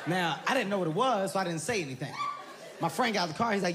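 A man performing a stand-up comedy routine before a live crowd, telling a story in an animated way and acting out the voices of the people in it. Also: sits high, very fast, heavy background noise. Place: theater stage before an audience. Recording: live show with loud crowd laughter.

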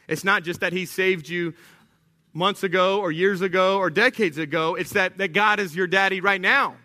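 Animated, bright-voiced male preacher. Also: high-pitched, moderate pace. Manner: animated preaching, rising to shouts, with acted asides. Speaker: pastor. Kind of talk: sermon. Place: church sanctuary.

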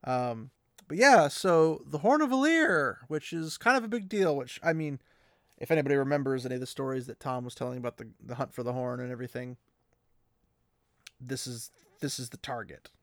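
A man's voice: medium pitch, lively intonation, fairly quick, no echo, clean studio sound. A young man co-hosting a podcast, chatting casually, laughing often, and reading aloud from a novel. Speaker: podcast co-host.

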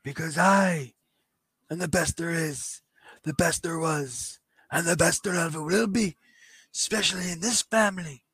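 A man's voice: fairly high pitch, measured pace, a bit bright, breathy edge, no room sound, pitched above the performer's own voice, exaggerated voice. A man doing a gloating promo as a boastful British wrestler, in a weak put-on English accent. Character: boastful British wrestler heel, family-proud.

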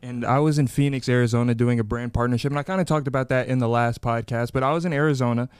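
Young man, podcast host, smooth clear voice, dry close sound, energetic storyteller. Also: mid-range voice, fast, no room sound. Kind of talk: casual podcast chat. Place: podcast studio.

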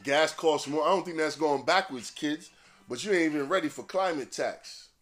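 A man's voice: fairly high pitch, normal speed, a bit bright, faint music behind. A man hosting a podcast in a casual, rambling monologue, swearing freely and laughing at his own jokes. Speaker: podcast host.

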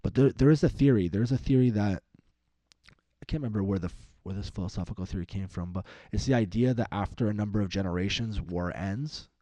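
A man's voice: on the low side, fast, mellow, dry recording. A young man co-hosting a podcast, rambling through political chat with plenty of swearing and sudden jumps into mocking voices. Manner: rambling, profane, mimics other people in raised voices. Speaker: podcast co-host.

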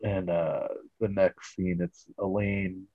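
A man's voice: deep voice, level tone, slow pace, dry recording. Rambling man recapping a sitcom. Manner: rambling, filler-heavy storytelling. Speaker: podcast host. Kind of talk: casual show recap. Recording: dull, dry audio.

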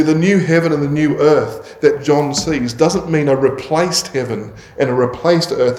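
A man preaching a sermon in a measured way, building on emphatic repetition. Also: mid-range voice, a little mellow, echoey room.

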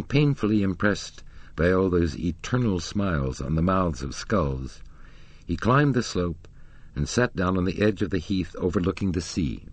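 Deep expressive male audiobook narrator. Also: no room sound. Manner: expressive, measured storytelling. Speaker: audiobook reader.

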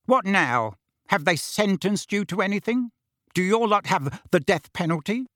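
A man's voice: high voice, lively intonation, moderate pace, no room sound, studio quality, voice pushed up. A man doing a roaring, blustering middle-aged uncle. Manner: loud, roaring and indignant. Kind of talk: audiobook character voice.

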